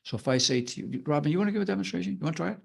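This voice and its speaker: A man's voice: fairly high pitch, lively intonation, vocal fry, darkish tone, slightly rough. Man demonstrating vocal tricks on a podcast. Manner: demonstrative, acts out vocal tricks with drawn-out words and whispers. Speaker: podcast co-host. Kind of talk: casual podcast discussion.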